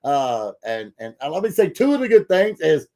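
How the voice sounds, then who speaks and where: A man's voice: fairly high pitch, moderate pace. Folksy man hosting a podcast. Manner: folksy, filler-heavy, excitable. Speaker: podcast host. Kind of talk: casual podcast chat.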